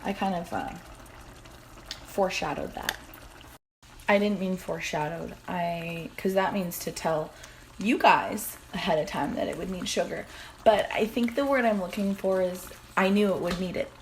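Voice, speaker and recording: A woman's voice: on the low side, normal speed, slight background noise. A woman hosting a casual home cooking vlog in her kitchen, chatty and rambling, with self-deprecating asides. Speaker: cooking vlogger.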